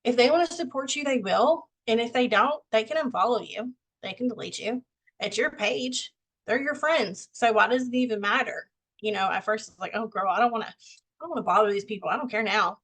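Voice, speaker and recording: A woman's voice: mid-range voice, fairly bright tone, rough recording. A young woman on a video call giving a casual, folksy pep talk to her team, a bit out of breath. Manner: candid, folksy, self-deprecating. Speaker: team member sharing sales tips.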